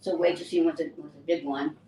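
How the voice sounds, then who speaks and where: An older woman, an actress, recounting her career in a lively, anecdotal interview style. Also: low voice, fast, slight background noise. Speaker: actress and guest. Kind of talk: casual interview storytelling. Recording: roomy distant mic with faint ambience.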